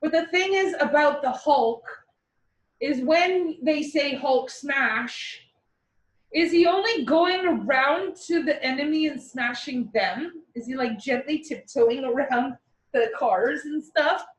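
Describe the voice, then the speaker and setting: A woman teaching a class in a playful way, with vivid comparisons and quick mock voices, recorded from across the room. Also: high voice, distant mic. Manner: playful, uses military metaphors and mock voices. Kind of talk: classroom lecture. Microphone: far from the mic. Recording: echoey classroom recorded from afar.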